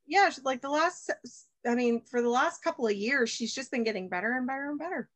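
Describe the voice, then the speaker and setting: A woman's voice: high-pitched, a little fast, fairly bright tone, no room sound. A woman in her thirties from the United States, a baker and chef, talking as a guest in a casual interview and rambling with many fillers and restarts.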